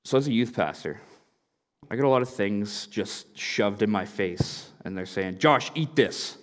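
A man's voice: fairly low pitch, normal speed. A man, a youth pastor, preaching a sermon in a conversational, storytelling way. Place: church sanctuary. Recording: reverberant church hall.

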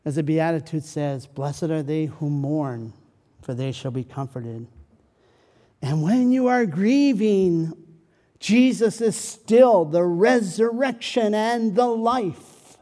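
Dramatic high-voiced male preacher. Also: takes it slowly, long reverb tail. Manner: dramatic, swings from loud pleading to soft hushed tones. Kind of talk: sermon.

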